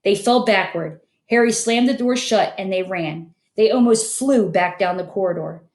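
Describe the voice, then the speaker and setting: A woman narrating an audiobook in steady storytelling. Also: medium pitch, moderate pace, roomy sound. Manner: steady storytelling, many character voices. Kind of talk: scripted narration.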